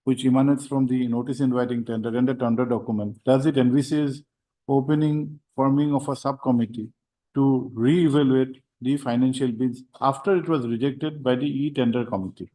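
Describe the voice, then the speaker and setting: A man's voice: mid-range voice, steady tone, moderate pace, mellow. A man questioning counsel from the bench in a courtroom, pointed and demanding direct answers. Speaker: judge.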